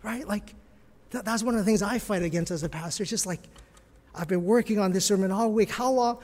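Male pastor preaching, kinda high voice, goes whispery then loud, big echoey church hall. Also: a little fast. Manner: dramatic swings from hushed whispers to loud bursts. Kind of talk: sermon. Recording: long reverb of a large hall.

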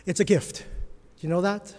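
A man preaching a sermon as pastor, dropping to hushed whispers and then rising to loud, emphatic bursts. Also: sits high, fairly even intonation, normal speed. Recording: long reverb of a large hall.

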